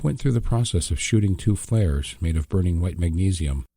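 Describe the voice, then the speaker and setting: Deep-voiced man, measured audiobook reader, dark husky tone. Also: dry recording, clean studio sound. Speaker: audiobook narrator. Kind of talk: scripted narration.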